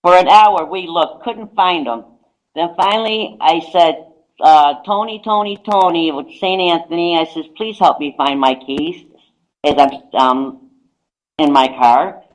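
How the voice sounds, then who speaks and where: A woman psychic appears as a guest on a radio talk show, casually telling a long anecdote and repeatedly saying "I says." Her voice is low-pitched and unhurried, and the recording quality is low.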